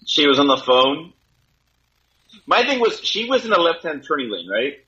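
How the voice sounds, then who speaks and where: A man co-hosting a podcast in casual chat, joking with quick, wry reactions. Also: fairly high pitch, sing-song, bright, forceful tone, slightly rough, lo-fi sound. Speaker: podcast co-host.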